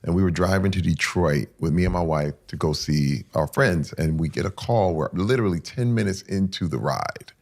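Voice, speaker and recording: A middle-aged man, a guest in an interview, telling an emotional personal story with intensity, dropping to hushed whispers and rising in sudden loud bursts. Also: low voice, moderate pace, creaky, hardly any pauses.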